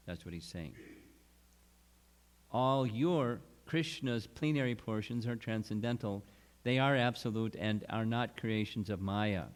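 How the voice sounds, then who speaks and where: A man giving a scripture lecture at a retreat, explaining slowly and deliberately, with restarts. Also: fairly low pitch. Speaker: spiritual teacher.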